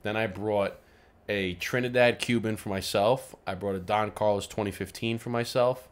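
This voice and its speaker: A man co-hosting a casual podcast, telling stories and jumping into loud voices when he quotes people. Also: lowish voice, steady tone, moderate pace, smooth. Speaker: podcast co-host. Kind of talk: casual chat.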